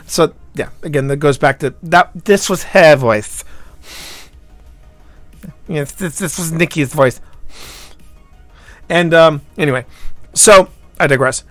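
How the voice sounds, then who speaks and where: A man hosting a live stream, chatting casually and telling a rambling story with halting restarts, swinging from loud to hushed. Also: on the high side, lively intonation, no echo, faint music behind. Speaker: livestream host.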